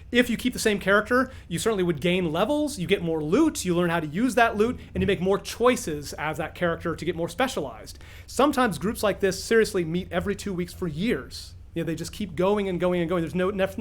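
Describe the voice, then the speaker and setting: A man working as game master and teacher, narrating an adventure for beginners and explaining how the game works, in an animated storyteller manner with fillers and restarts. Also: sits high.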